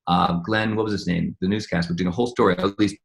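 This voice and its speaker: A man's voice: sits low, steady tone, quick pace, creaky. A man being interviewed as a medical scientist, telling stories in a rambling, conversational way with many restarts and repeated words.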